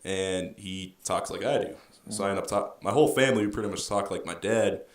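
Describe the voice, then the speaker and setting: A man's voice: low voice, brisk. A young man from Massachusetts, a guest on a sports podcast, telling casual stories and laughing often. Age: young adult. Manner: storytelling, laughs often, slips into put-on accents. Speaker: guest, college football lineman. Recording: roomy, off-mic with faint noise.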